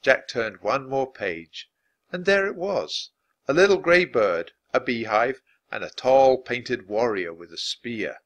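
A man narrating a children's storybook aloud in an expressive, animated way. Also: medium pitch, takes it slowly. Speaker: dad reading aloud.

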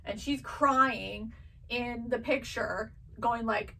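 A woman's voice: fairly high pitch, takes it slowly, vocal fry, pushed and bright, recorded from a distance, poor audio. A woman in her thirties chatting casually as a seller and mother, telling family stories and acting out her children's voices. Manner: chatty storytelling, acts out her kids' voices. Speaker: vintage box seller and mother. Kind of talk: casual chat.

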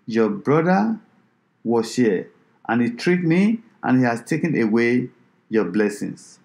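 A man voicing an old biblical father who speaks gravely and slowly, lowering his voice. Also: sing-song, a little mellow. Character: old blind father in a Bible story, grave.

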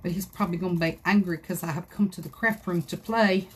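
A woman's voice: fairly low pitch, steady tone, quick pace, slight background noise. A woman hosting a live craft tutorial from her home craft room, chatting folksily with viewers as she works. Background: dogs scratching in another room.

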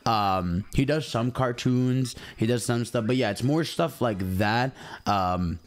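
A man's voice: medium pitch, measured pace. A young adult man streaming, chatting casually and rambling while talking straight to his chat. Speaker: game streamer.

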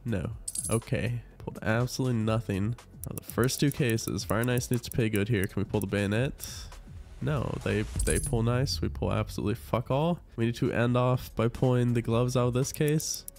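A man's voice: medium pitch, moderate pace, faint music behind. Congested man, cursing through case battles. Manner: swearing, frustrated, excitable. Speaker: gambling video host. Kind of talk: casual play-by-play commentary.

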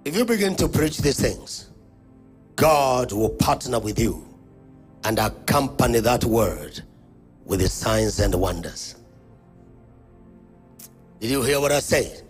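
Preaching a sermon at a church conference, a man with a Kenyan accent calls out to the congregation and directs call-and-response. He takes it slowly and pauses often, yet stays animated and booming, with sudden swings in pitch and volume. Soft music plays in the background.

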